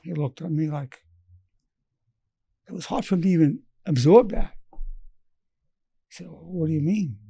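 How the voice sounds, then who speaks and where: Man in his eighties, psychologist giving a lesson, tells patient stories, fairly high voice, dry close sound. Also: unhurried, gravelly, pauses often, dark tone, breathy edge, dry recording. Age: 80s. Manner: anecdotal, quotes patients in his own voice. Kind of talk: storytelling lesson.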